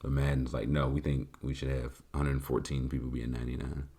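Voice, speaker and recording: A man hosts a podcast with a low, deep voice. He answers listener questions in a casual, joking, animated way. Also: fairly quick, breathy edge. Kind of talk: casual chat.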